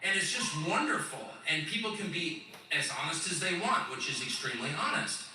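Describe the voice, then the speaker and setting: Host in his fifties, bright sharp voice, sardonic and lively, live in a big boomy hall. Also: a little fast, slight background noise. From California. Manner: sardonic, chuckling, animated storytelling. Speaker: host on a live stage tour. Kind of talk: live stage monologue. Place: large indoor event hall. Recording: roomy echoing hall, distant mic.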